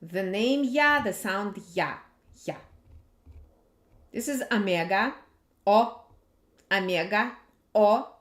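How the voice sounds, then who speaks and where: Very slow-speaking woman teaching pronunciation. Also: mid-range voice, expressive. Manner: patient, repeats sounds slowly to demonstrate. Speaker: language teacher. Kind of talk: slow alphabet lesson. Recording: echoey room.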